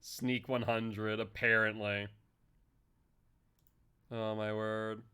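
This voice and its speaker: Excitable male game streamer, bright edgy tone, talks slowly, laughs a lot. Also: on the low side, a little hiss or hum. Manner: excitable, jumps to shouting when startled, laughs often. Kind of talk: live gameplay commentary.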